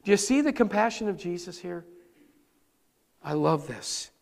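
A male pastor preaching a sermon live, earnest and animated, often restarting his words. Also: high-pitched, moderate pace, creaky, in a large hall. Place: church sanctuary, live-streamed service.

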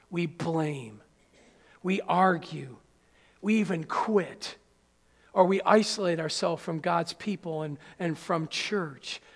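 A man preaching a sermon as pastor in a church, animated and acting out little scenes. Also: sits high, creaky. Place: church sanctuary. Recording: church hall reverb.

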